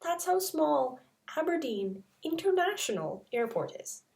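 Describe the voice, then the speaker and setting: A woman's voice: sits high, sing-song, a little slow, gravelly, a little mellow, recorded from a distance. A young woman from Canada, telling a travel story in a casual, chatty way full of "like" fillers. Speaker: vlogger.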